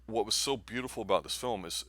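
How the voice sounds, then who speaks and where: Low-voiced man chatting about movies. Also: fast talker, pushed and bright, no room sound. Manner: rambling, enthusiastic, filler-heavy. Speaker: movie review co-host. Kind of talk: casual movie review chat.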